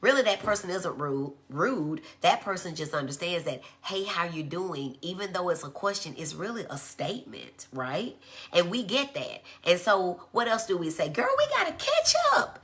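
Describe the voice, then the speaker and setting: A woman gives a conversational teaching talk in a low voice. Her tone is bright and forceful. She acts out quoted speech in a high voice. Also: expressive, normal speed. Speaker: physician giving a talk. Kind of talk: live-streamed educational talk. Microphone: phone.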